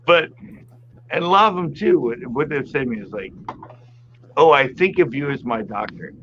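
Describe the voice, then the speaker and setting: A man's voice: mid-range voice, animated, moderate pace, fairly bright tone. A middle-aged man chatting casually as a guest on a livestream, telling stories and laughing often. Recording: slightly dull sound, faint noise.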